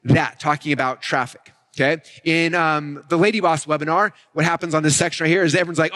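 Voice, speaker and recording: A man giving an energetic marketing talk on stage, walking listeners through his method and often checking in with "right?" and "okay?". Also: fairly high pitch, a little fast. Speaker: marketing speaker.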